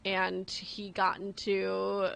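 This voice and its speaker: A woman's voice: mid-range voice, completely flat delivery, very slow, vocal fry, fairly bright tone, clear, resonant tone. A woman co-hosting a radio show in a studio, chatty and self-deprecating, giggling often. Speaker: radio co-host. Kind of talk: casual studio chat.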